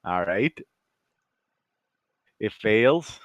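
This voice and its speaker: Brief: game master, male, lowish voice, relaxed, dry close sound. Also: extremely slow, dry recording, highs cut off. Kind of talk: running a tabletop game.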